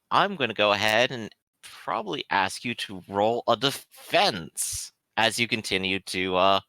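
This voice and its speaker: Bright, lively man running the game. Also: fairly low pitch, dry recording. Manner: lively, descriptive narration. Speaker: game master. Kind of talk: narrating a tabletop game.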